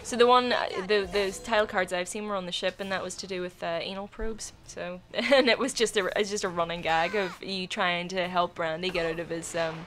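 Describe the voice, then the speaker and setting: A woman's voice: on the low side, steady tone, brisk, few pauses, fairly bright tone. A woman game reviewer chatting casually, filling her talk with "like" and "um". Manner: chatty, lots of "like" and "um". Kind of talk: casual chat.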